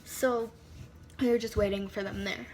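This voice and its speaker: A woman's voice: medium pitch, fairly even intonation, moderate pace, darkish tone, a little hiss or hum. Chatty young woman vlogging. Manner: chatty, heavy use of "like", dramatic asides and whispered comments. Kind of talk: casual storytime vlog. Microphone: phone.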